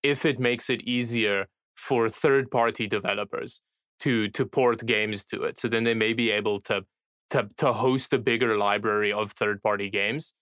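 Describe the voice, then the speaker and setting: A man's voice: lowish voice, steady tone, moderate pace, fairly bright tone, no room sound, studio quality. Hesitant man, stammering repeats. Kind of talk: casual tech chat.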